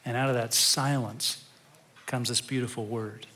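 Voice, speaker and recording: A male pastor giving a sermon in a conversational, storytelling way, turning quiet and reflective at times. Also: medium pitch, fairly even intonation, normal speed, slight background noise.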